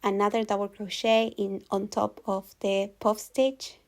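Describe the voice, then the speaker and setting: A crochet instructor narrates a tutorial voice-over, calm and patient. She speaks slowly and evenly at a middle pitch, often going back over a step so viewers can follow.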